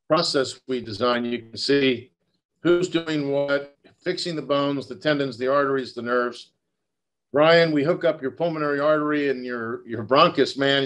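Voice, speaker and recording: Man, 60s, surgeon lecturing in a relaxed, storytelling way, talking straight to the audience. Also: medium pitch, measured pace. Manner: storytelling, direct address to audience members. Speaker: surgeon giving a talk. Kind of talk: conversational lecture.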